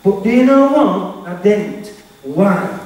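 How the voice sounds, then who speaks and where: A man's voice: high-pitched, animated, slow, darkish tone. A man giving an emphatic, repetitive motivational keynote to teenagers, talking straight to the audience. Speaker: motivational speaker. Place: large hall with teenage audience. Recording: echoey hall from far off.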